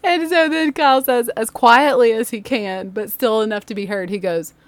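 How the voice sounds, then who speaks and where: A woman's voice: fairly high pitch, normal speed, no room sound. Woman podcaster, ex-teacher, chatty storytelling, laughs a lot, home studio feel. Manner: animated, laughs often, acts out voices. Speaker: podcast host and former teacher. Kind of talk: storytelling monologue. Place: laundry room home studio.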